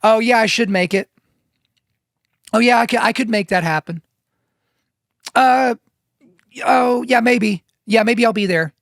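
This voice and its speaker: A noncommittal male friend who never gives a straight answer, as a man mimics him, vague and wishy-washy. His voice is pitched higher than usual and a little louder. The sound is dry and close. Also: measured pace, creaky, pauses often, no room sound, heavily acted.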